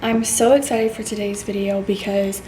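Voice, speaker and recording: A woman chatting excitedly as she recaps a book for her vlog, with the odd breathy whispered aside, filmed at home on a tripod camera. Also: mid-range voice, moderate pace. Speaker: book vlogger. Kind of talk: casual reading vlog chat. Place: home reading nook, indoors. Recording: roomy echo with faint background noise.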